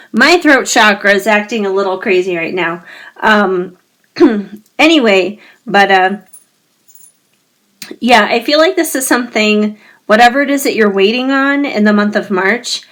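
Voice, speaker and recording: Woman doing a tarot card reading, slow and gentle, voice kinda fading, keeps clearing her throat. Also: medium pitch. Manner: gentle, musing, reassuring, speaks directly to viewers.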